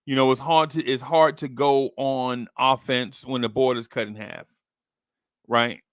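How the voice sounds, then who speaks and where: A podcast host chats casually about basketball trades, acting out imagined phone calls in a streetwise voice. His mid-range voice is steady, fairly bright and a little slow, recorded at studio quality with no room sound.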